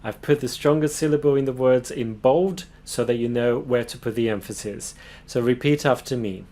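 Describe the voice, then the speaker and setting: A man giving a pronunciation lesson, sounding out words slowly and carefully. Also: medium pitch, mellow. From Brazil. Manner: slow, careful demonstration of words. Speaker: language teacher.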